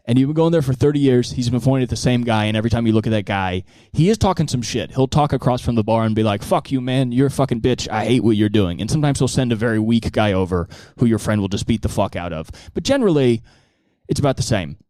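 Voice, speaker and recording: A man performing a stand-up set. His pitch swings widely as he slips into voices, and he swears freely. The sound is dry and close. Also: fast, no room sound. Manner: animated, profane, acts out many voices. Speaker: stand-up comedian. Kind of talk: stand-up comedy monologue.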